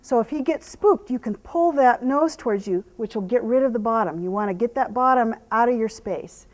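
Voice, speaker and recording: A woman with a slightly raised voice teaches horse handling as she works, talking to the viewer in plain steps. Between explanations she drops to gentle, hushed praise for the horse. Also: a little high, a little fast. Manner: soothing, praising the horse with soft murmurs. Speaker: horse trainer. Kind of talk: hands-on training demonstration.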